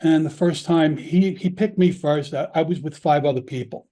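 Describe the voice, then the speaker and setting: A man's voice: a little high, normal speed, mellow. A man, a former police officer, telling stories from his career in casual conversation. He talks candidly, often restarting his sentences and acting out the dialogue. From Long Island, New York. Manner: candid, rambling, with frequent restarts and quoted dialogue. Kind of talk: casual storytelling.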